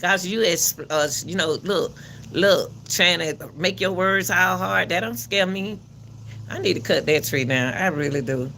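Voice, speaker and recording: A man hosting his own channel, giving casual spoken commentary in a loud, projected coach's voice, emphatic and preachy, often repeating himself. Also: high voice, unhurried, gravelly, a little hiss or hum. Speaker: channel host commenting on a court case.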